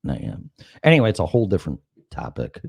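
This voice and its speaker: Middle-aged male host, deep voice swinging wide, dry close sound, profane storyteller. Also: fast, vocal fry, no echo. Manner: animated, profane, acts out dialogue. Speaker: talk show host. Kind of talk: casual chat, anecdotal storytelling.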